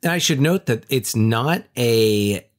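A man's voice: mid-range voice, lively intonation, slow pace. A man in his thirties co-hosting a podcast, chatting casually with many restarts and fillers. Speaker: podcast co-host. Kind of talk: casual chat.

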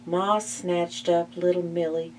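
A woman reads a children's picture book aloud for a library storytime, very slow and deliberate, with expressive gasps. She sits back from the mic, and a faint hum runs under the recording. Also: fairly low pitch, distant mic.

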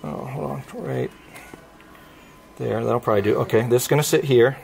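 A man calmly and patiently walking someone through a gadget demonstration. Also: mid-range voice, normal speed, gravelly, a little hiss or hum. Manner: calm, patient, coaxing instructions. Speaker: guest showing a gadget. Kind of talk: casual demonstration.

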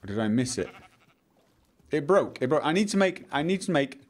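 A man streaming live gameplay, muttering to himself, repeating lines and breaking into excited outbursts. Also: a little high, a little fast.

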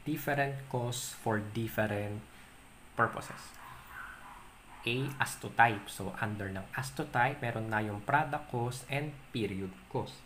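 A young Filipino man with a Filipino accent, teaching an accounting lesson on video. He reads definitions, then explains them with simple examples and pauses with "um.". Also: mid-range voice, fairly bright tone, slight background noise. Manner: explains in mixed Tagalog and English, reading definitions then giving examples; stretches out key terms, pausing with "um". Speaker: accounting tutor.

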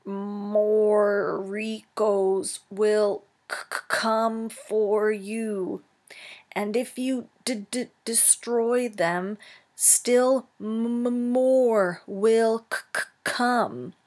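Woman reading as a dying robot hunter, male, garbled, stuttering, dragging slow. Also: medium pitch, fairly even intonation, a little mellow. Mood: halting. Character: broken hulking male hunter robot, cold and relentless.

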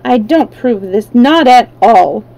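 A woman's voice: on the high side, lively intonation, normal speed, gravelly, dark tone, poor audio. A woman voicing a kind, well-mannered little girl who scolds her friend primly. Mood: reproving. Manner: prim, reproving.

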